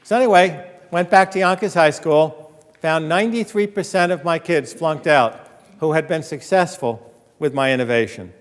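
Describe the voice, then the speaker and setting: A man giving an animated storytelling lecture as an author, joking with and quizzing his audience in a college hall. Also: on the high side, normal speed. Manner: animated, acts out quoted dialogue, jokes with audience. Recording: long hall reverb.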